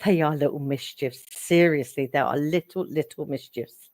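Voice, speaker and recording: A woman giving psychic readings on a live stream, chatty and affectionate, getting excitable and calling viewers darling. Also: sits low, moderate pace, no room sound, clean studio sound. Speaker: psychic reader.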